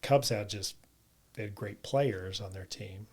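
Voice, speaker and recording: A podcast guest from Southern Utah talks casually in a low voice. There is a gravelly fry running through his speech as he reminisces in a relaxed way. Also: a little slow. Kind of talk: casual chat.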